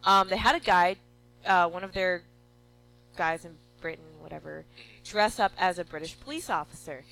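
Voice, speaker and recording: A woman's voice: on the low side, gravelly, a bit bright, dry recording, rough recording. A woman in casual chat, talkative and swearing freely as she tells an anecdote. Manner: chatty, swears freely, quick to laugh along.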